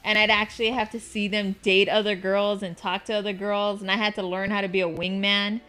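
A woman's voice: mid-range voice, level tone, fairly quick, sharp tone, clear, resonant tone, faint music behind. A young woman hosting a game stream, chatting candidly and swearing freely. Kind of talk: casual chat.

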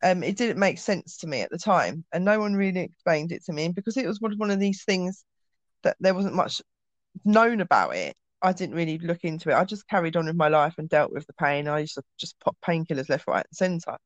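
A woman's voice: lowish voice, lively intonation, fairly quick, no echo, muffled recording. A woman, telling a personal story as an interview guest in a chatty way, acting out dialogue with frequent ums.

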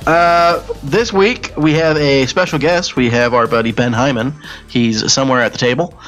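A man's voice: mid-range voice, normal speed, fairly bright tone, faint music behind. A man hosting a podcast in casual, joking chat with friends around a table. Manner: joking, laid-back. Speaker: podcast host.

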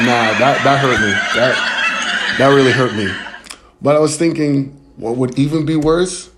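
A man performing a stand-up comedy set, telling a story in an animated way with laughs and quick acted quotes. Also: mid-range voice. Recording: loud crowd and noise behind. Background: crowd laughter and room noise.

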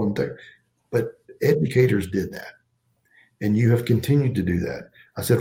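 A man's voice: medium pitch, normal speed, creaky, dark tone. A middle-aged man, a school superintendent, speaking earnestly and emphatically in a podcast interview, often restarting his phrases.

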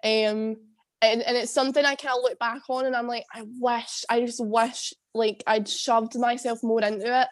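A woman's voice: fairly high pitch, level tone, moderate pace. A young Scottish woman, a former drama student, in a rambling casual chat, laughing often and swearing. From Scotland. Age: young adult.

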